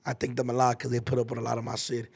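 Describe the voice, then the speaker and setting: Brief: young Los Angeles man, podcast host, profane casual storytelling, middle pitch. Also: monotone, racing, darkish tone, breathy edge. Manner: slangy, profane, with spoken sound effects.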